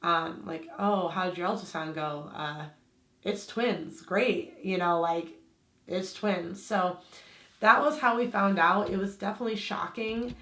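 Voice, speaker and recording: A woman's voice: fairly low pitch, unhurried, fairly bright tone, roomy sound. A woman with a slight lisp telling a personal story to camera in a chatty vlog style. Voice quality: slight lisp from aligner trays. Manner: chatty, lots of "like" fillers. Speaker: vlogger.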